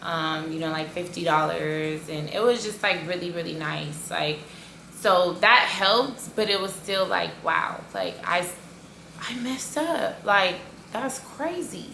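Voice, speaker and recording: A woman's voice: fairly low pitch, slow, gravelly, slight background noise. A woman who runs a cake business, telling a story in a casual vlog with lots of fillers and playful sound effects. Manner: animated, filler-heavy retelling with sound effects. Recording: echoey room.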